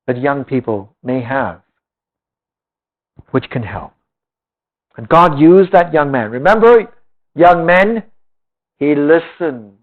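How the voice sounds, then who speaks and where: A man teaching a Bible class, reading scripture aloud and then explaining it with emphasis. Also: mid-range voice. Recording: tinny lo-fi phone-like old recording.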